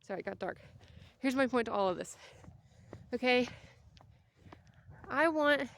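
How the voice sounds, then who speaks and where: A woman's voice: a little high, animated, a little slow, a bit bright. Breathless rambling woman walking outdoors. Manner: chatty, rambling, tangents. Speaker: vlogger. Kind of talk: casual walking vlog.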